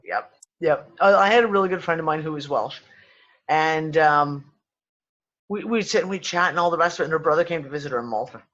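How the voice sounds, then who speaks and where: A man's voice: a little high, fairly quick, fairly bright tone, muffled recording. A man with a West Midlands English accent, co-hosting a casual chat, rambling and swearing freely with many restarts. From England. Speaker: podcast co-host.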